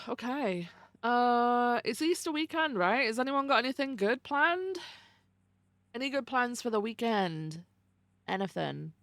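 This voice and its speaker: Young adult woman, streamer, casual and sweary, fairly high voice, dry close sound. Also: fairly bright tone, no room sound. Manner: chatty, swears freely, reads and greets chat. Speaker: livestreamer. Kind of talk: casual chat with viewers.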